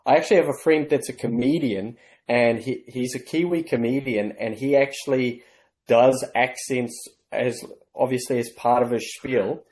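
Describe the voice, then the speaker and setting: A man with a South African accent, an interview guest telling stories in a measured, clearly enunciated way. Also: medium pitch, a little mellow. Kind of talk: casual interview chat.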